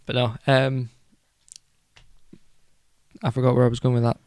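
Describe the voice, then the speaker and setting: Man, casual podcast co-host, smooth resonant voice, dry close mic, rambling, enthusiastic. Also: medium pitch, completely flat delivery, a little slow, a little mellow, no echo. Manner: rambling, self-correcting, enthusiastic. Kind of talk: casual chat.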